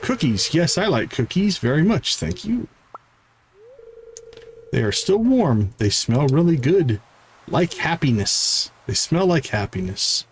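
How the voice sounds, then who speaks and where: Male streamer voicing an earnest, broken-speaking newcomer, pitched up, lively intonation. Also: slight background noise. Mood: excited. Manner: earnest, excitable, halting grammar. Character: eager newcomer speaking broken, simple sentences. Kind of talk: reading game dialogue aloud in voices.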